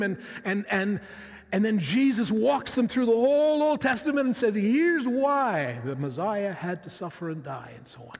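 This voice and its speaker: Male preacher, high-pitched, conversational and reflective, recorded in a reverberant hall. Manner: reflective, conversational, with frequent asides to the listeners. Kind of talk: sermon.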